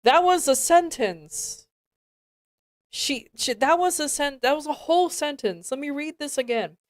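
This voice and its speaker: Exasperated woman reading aloud, lively pitch. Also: measured pace, no echo, clean studio sound. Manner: stumbles over misspelled words, exasperated asides. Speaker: streamer. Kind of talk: reading a fan fiction aloud with commentary.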